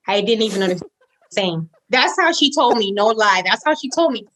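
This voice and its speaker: A woman's voice: mid-range voice, animated, normal speed, a bit bright, rough recording. A young woman who is a podcast guest, telling a personal story casually and acting out quoted lines with big jumps in her voice. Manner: casual, says "like" and "girl" often. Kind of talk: storytelling interview.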